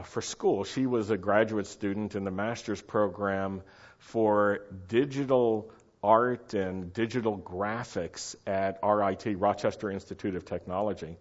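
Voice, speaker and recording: Husky-voiced middle-aged man telling stories. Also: on the low side. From United States. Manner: animated, chatty, asks listeners to follow along. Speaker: storyteller. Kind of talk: casual anecdotal storytelling. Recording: dull lo-fi recording.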